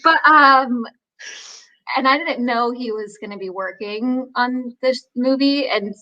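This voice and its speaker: A young adult actress chatting as an interview guest, telling lively stories, acting out quoted voices and laughing often. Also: female voice, on the high side, takes it slowly, muffled recording. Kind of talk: casual interview chat.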